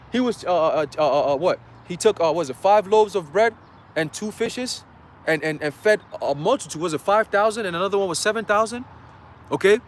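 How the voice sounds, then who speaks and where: A man's voice: high voice, slight background noise. A man preaching a casual livestream sermon in a loose, conversational way, full of fillers, reading scripture aloud.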